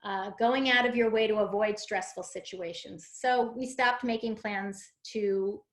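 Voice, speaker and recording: A woman's voice: medium pitch, steady tone, a little slow, a bit bright. Woman presenting a parenting webinar. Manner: explanatory, with fillers and acted-out example phrases. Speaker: parent coach.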